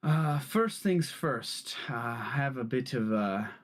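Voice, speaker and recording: A man voicing a proud, formal male corporate official who speaks slowly and politely in a tabletop game. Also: medium pitch, expressive.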